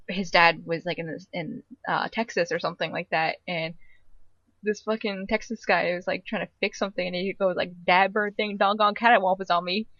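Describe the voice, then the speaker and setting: A young woman co-hosting a casual podcast chat, talking fast with lots of "like" and frequent laughs. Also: fairly low pitch, creaky, fairly bright tone, dry recording, highs cut off. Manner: chatty, laughs often, lots of "like". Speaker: podcast co-host.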